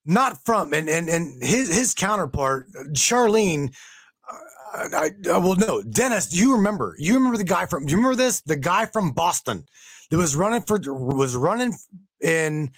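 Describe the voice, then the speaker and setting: A high-pitched man talking with a very lively, bouncing voice. He gets worked up, swears freely and keeps restarting his sentences, recorded close and dry. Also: dry recording. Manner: excitable, swears a lot, stumbles and restarts. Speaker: beer hauler, union truck driver. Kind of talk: casual chat.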